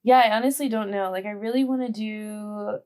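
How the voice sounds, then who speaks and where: A woman's voice: medium pitch, steady tone, a little fast, darkish tone. A woman in her twenties chatting casually as a podcast guest, talking in a rambling way with lots of fillers. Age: 20s. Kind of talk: casual chat.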